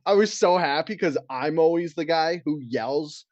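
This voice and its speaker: A man's voice: fairly high pitch, moderate pace, no echo, lo-fi sound. A man co-hosting a comedy podcast who tells work anecdotes and jokes around, often doing silly voices. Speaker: podcast co-host. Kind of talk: casual comedic chat.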